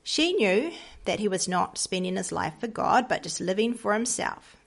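A woman teaching a devotional lesson, telling hymn history and reading moral stories in a gentle, earnest way. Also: medium pitch, animated, normal speed, creaky, slightly rough. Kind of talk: storytelling lesson for children.

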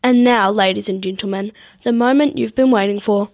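A woman voicing a stern male Viking king who proclaims loudly in a storybook reading. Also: medium pitch, a little fast, no echo, close to an everyday voice. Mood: commanding.

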